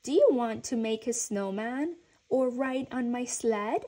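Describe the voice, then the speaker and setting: A woman's voice: on the high side, a little slow, mellow. A woman doing an eager young bear. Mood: friendly. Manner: eager, upbeat. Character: friendly young bear cub.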